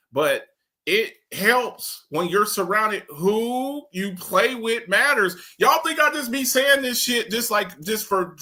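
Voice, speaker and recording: A man hosting a sports podcast, talking in an animated, rambling way, repeating himself and swearing casually. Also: sits high. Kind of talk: casual sports talk commentary.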